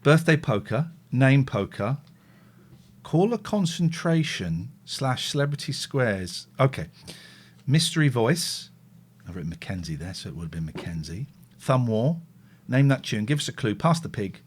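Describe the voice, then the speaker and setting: A man hosting a live show, chatting casually in a playful, teasing way with sudden loud outbursts. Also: medium pitch, big pitch swings, normal speed, husky. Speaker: radio host.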